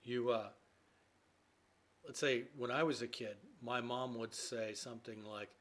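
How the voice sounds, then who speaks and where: A man's voice: medium pitch, steady tone, a little slow, long pauses, a bit bright. A man giving a casual English idiom lesson, chatty and full of fillers, acting out everyday examples. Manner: chatty, with many fillers and play-acted quotes. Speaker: English teacher.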